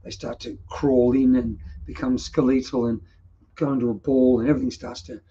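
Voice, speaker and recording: A man's voice: medium pitch, level tone, moderate pace, mellow, highs cut off. A middle-aged Australian man telling personal stories as a vlog host, in an earnest, emotional and reflective way. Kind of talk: personal storytelling monologue.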